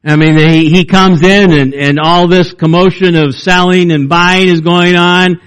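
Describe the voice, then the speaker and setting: Guy preaching, kinda high voice, chatty with lots of uhs and restarts. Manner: conversational, with fillers and restarts; pitch climbs when he reads or retells. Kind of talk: sermon.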